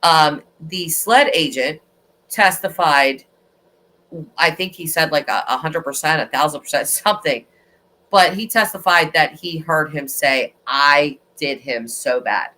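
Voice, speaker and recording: A woman hosts a true crime livestream in a loose, chatty way. She rambles and restarts often, and her voice sounds bright and clear. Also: deep voice, unhurried. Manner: rambling, animated, with frequent restarts. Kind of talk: casual chat.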